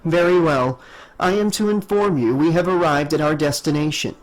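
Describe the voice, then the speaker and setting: A courteous male android with a monotone yet soothing delivery, played by a man with a fairly high voice. He speaks formally and literally, offering help without any feeling. The storybook reading keeps him even and calm. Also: moderate pace, close to an everyday voice, low-quality recording.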